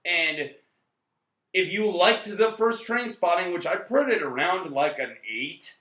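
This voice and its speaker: A man in his late twenties co-hosting a casual movie review, rambling, joking and swearing, tipsy, now and then breaking into loud shouts. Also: high voice, lively intonation, a little slow. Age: late 20s. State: tipsy from tequila and beer. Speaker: co-host of a movie review channel. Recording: echoey room sound.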